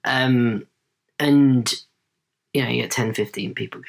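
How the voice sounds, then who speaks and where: A man's voice: mid-range voice, a little slow, gravelly. A man in his late thirties, a podcast guest telling a story casually, often tagging his sentences with "right?". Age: late 30s. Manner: chatty, tags sentences with "right?".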